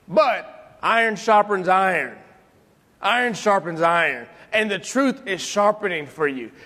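Man, high voice, animated storyteller, acts out voices, long hall reverb. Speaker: speaker telling stories about his father. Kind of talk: storytelling talk to an audience.

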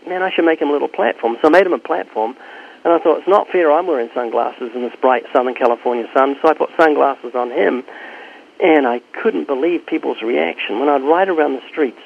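Gravelly man, tinny phone-like sound. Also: on the high side, brisk, a little hiss or hum. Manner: animated, acts out both sides of conversations. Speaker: street preacher. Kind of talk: interview answers, storytelling.

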